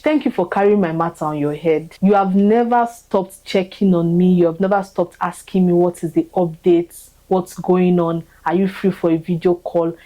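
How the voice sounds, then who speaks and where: A young woman gives an emotional, fervent testimony of thanks, repeating herself as her voice rises with feeling. Her voice is lowish with a dark tone, on a low-quality recording.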